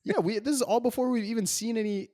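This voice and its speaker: A man co-hosting a film podcast in casual chat, excitable, swearing for emphasis and quoting dialogue. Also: very high voice, fast talker, no echo, studio quality. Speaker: podcast co-host.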